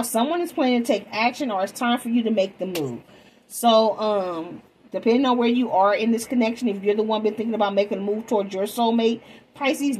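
A woman's voice: medium pitch, a little mellow, a little hiss or hum, poor audio. A woman reading tarot in a casual vlog, talking chattily to her viewers and calling them babies. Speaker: tarot reader.

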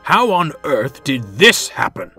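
A man voicing an authoritative, brisk railway boss who speaks decisively. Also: mid-range voice, sing-song, fairly bright tone, soft background music. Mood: commanding.

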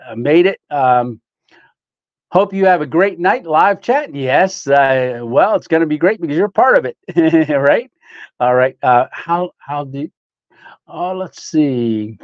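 A man's voice: mid-range voice, no room sound. Guy doing a casual live chat, laughs a lot, kinda muffled dry audio. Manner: chatty, laughs often, greets viewers by name. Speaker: livestream host reading chat.

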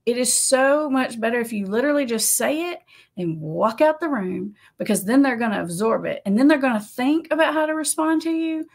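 A woman who works as an addiction counselor, giving casual advice to camera in a conversational, animated way. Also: a little high, fairly quick. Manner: conversational, animated, laughs often, acts out quotes.

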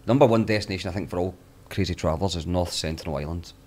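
A man's voice: deep voice, rapid-fire, a little mellow. A Scottish man, a podcast guest, musing easygoingly in casual chat. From Scotland.

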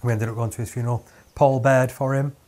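Rambling podcast host, jokey. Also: male voice, mid-range voice, flat delivery, fast, a little mellow. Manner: rambling and jokey, many fillers and restarts. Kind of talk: casual podcast chat.

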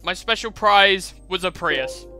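A man's voice: high-pitched, measured pace. A man commenting on his racing game playthrough, chatty with dry, sarcastic asides. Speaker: gaming channel host. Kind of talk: gameplay commentary. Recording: loud music and car engine sounds behind. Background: game music and racing car sounds.

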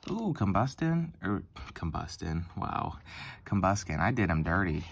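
A man's voice: on the low side, sing-song, normal speed, creaky, slightly rough. A young man hosting a casual card-opening video, chatting with lots of ums and self-corrections. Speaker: card-opening channel host. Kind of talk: casual pack-opening commentary.

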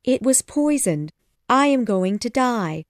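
A woman voicing a tiny excitable female fairy in a high, urgent voice for an audiobook. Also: measured pace, dry recording, studio quality. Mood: faint. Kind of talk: audiobook reading.

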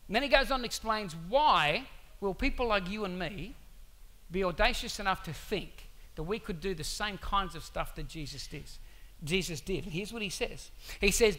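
A male pastor preaching to his church in a conversational, animated way, full of rhetorical questions. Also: high voice, moderate pace. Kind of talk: sermon.

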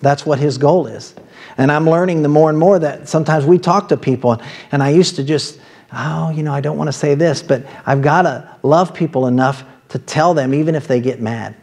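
Male pastor with an Ohio accent, slightly high voice, chatty sermon delivery with asides. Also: moderate pace, a little mellow. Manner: conversational preaching with asides and laughs.

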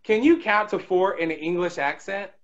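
A man hosting a radio show, running a playful quick-fire quiz with an upbeat, joking manner. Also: high-pitched. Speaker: radio host. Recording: dull lo-fi sound.

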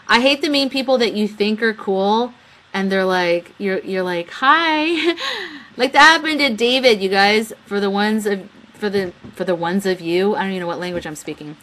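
A woman's voice: medium pitch, normal speed, slight background noise. A young woman hosting a casual live webcam show, chatting, giggling and reading viewer messages aloud. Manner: chatty, giggly, reads chat aloud and retells stories with quoted voices. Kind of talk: casual live-stream chat.

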